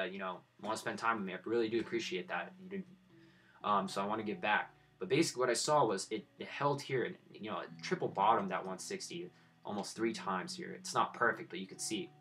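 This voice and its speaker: A man's voice: lowish voice, sharp tone. A man in his twenties giving blunt, profane live-stream commentary on his crypto trades and lecturing his viewers. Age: 20s.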